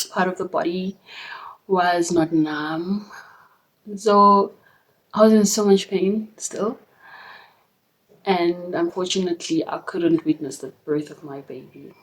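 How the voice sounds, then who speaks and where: A young woman talks straight to camera, slipping into a hushed, almost whispered tone at the hardest moments. Her voice sits a little low, and her telling is earnest and emotional, full of fillers and small nervous laughs. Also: slow pace, pauses often, rough recording. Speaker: vlogger. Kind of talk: personal storytelling.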